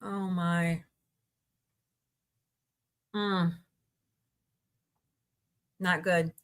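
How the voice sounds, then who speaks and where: With a lowish, level voice and a clean tone, this US livestream host talks extremely slowly. She hosts a casual live chat, reading out headlines, greeting viewers, reacting as she scrolls, and laughing frequently in a chatty way.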